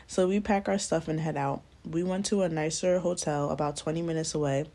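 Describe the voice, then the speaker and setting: A young woman vlogger telling a dramatic storytime in a lively, slangy way. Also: deep voice, brisk, hardly any pauses. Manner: animated, slangy, dramatic retelling. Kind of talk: storytime narration while doing nails.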